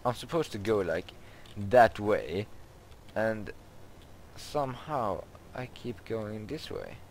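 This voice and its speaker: A young man, commenting on his own video game play, who gets excitable and yelps and shrieks when startled. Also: on the low side, slow pace. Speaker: gaming YouTuber.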